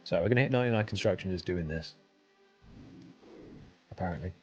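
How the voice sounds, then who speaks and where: A man's voice: low voice, fairly quick, muffled recording, soft background music. A man streaming a game, chatting casually and answering his chat while he plays.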